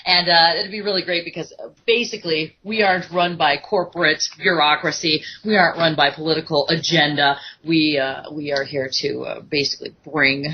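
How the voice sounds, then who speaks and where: A woman's voice: sits low, fairly even intonation, moderate pace, slightly rough. A woman hosting a casual call-in radio talk show, chatty and full of fillers as she reads out statistics. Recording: dull lo-fi internet radio audio.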